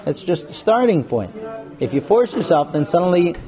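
A man's voice: high voice, moderate pace, music in the background. A man teaching a live class on marriage, talking frankly and acting out couples' lines in put-on voices. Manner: animated, acts out quoted couples. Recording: live room with audience noise.

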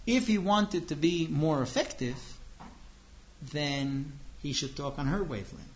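A man's voice: fairly high pitch, a little slow. A man giving an earnest, explanatory religious lecture on marriage, acting out dialogues along the way. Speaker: religious teacher. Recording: dull lo-fi recording.

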